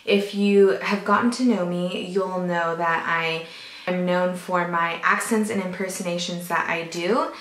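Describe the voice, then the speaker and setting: A woman's voice: on the low side, fairly even intonation, a little slow, a bit bright. A young adult woman vlogging to camera in a casual, chatty, giggly and self-deprecating way. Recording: roomy, with music behind.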